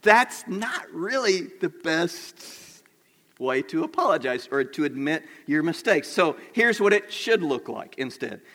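Middle-aged man, pastor, conversational sermon, bright, hall reverb. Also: a little high, sing-song, measured pace. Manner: conversational, asks the congregation questions. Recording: long reverb of a large hall.

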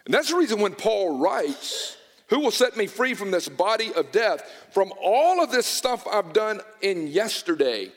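A man preaching with dramatic, impassioned delivery, often repeating his words as he builds. His voice sits high for a man. The sound carries a long reverb from a large hall. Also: big pitch swings, measured pace. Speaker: pastor. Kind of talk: sermon. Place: church hall.

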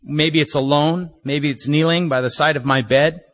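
A man preaching a sermon as a pastor, earnest and measured, leaning on repeated phrases for emphasis. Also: fairly high pitch, steady tone, fairly bright tone, dull audio.

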